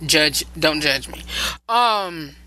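Slow, bright-voiced woman giving advice. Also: deep voice, animated, poor audio. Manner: emphatic, repeats phrases for stress; loose, rambling delivery with restarts. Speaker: relationship advice host. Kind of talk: casual advice talk show.

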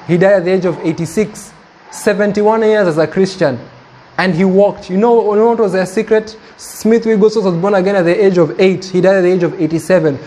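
A man's voice: high-pitched, mellow. A man preaching a sermon, earnest and emphatic, quoting scripture and stressing his points.

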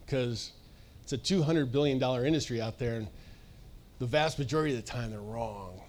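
A man preaching a sermon at a church service, casual and animated, acting out voices and laughing often. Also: medium pitch, fairly quick. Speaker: pastor.

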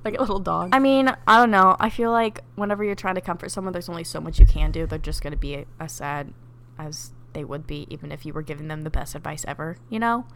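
A woman's voice: lowish voice, quick pace, a bit bright, a little hiss or hum. A young woman co-hosting a podcast, frank and giving advice in casual chat, laughing often. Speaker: podcast co-host.

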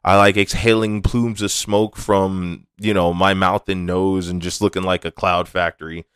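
A man's voice: deep voice, level tone, moderate pace, fairly bright tone, clear, resonant tone, dry recording, clean studio sound. A young adult man hosting a casual, rambling, candid monologue, with frequent restarts and swearing. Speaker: podcast host.

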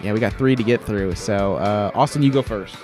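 A man's voice: on the low side, a little fast, a little mellow. A man hosting a casual music podcast, talking in an easygoing way and laughing often. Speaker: podcast host. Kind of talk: casual chat.

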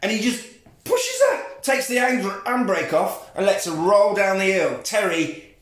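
This man retells a film plot at full tilt, swearing freely and laughing as he goes. His voice sits high for a man. The room around him is echoey. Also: normal speed. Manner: profane, animated storytelling with laughs. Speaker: podcast co-host. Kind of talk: casual film recap chat.

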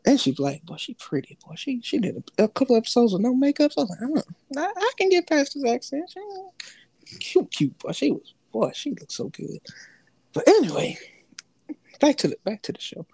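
A man's voice: very high-pitched, sing-song, fairly quick, creaky, mellow, slightly rough. A man co-hosting a podcast, talking loosely in slang and laughing often as he tells stories. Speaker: podcast co-host. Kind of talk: casual chat.

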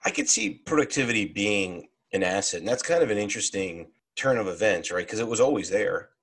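Male co-host, low and slightly husky, thinks aloud in casual podcast talk. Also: animated, a bit bright. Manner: thoughtful, halting, many restarts. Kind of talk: casual technical discussion.

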